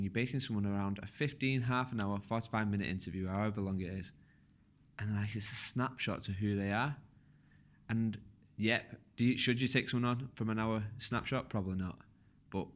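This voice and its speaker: A man with a slightly low voice hosting a casual podcast interview. He talks loosely and at length, circling back and restarting his questions as he thinks them through. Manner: rambling, relaxed, restarts questions often. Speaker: podcast host.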